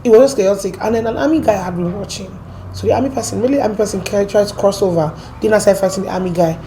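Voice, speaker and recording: A woman with an American accent, from Port Harcourt, telling her story as an interview guest in a lively, animated way. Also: mid-range voice, quick pace, a little hiss or hum. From Port Harcourt, Nigeria. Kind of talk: casual storytelling.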